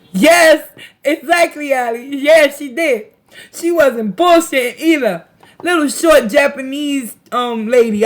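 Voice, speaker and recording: A woman hosting a casual livestream, chatting with viewers in a slangy, laughing way and reading their comments aloud. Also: fairly high pitch. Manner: slangy, laughs a lot, talks to chat. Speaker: tarot reader and livestream host.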